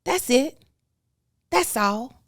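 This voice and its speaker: A woman hosting a podcast, telling a story in a casual, emphatic, animated way with folksy asides. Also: high-pitched, extremely slow, dry recording, studio quality. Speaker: podcast host.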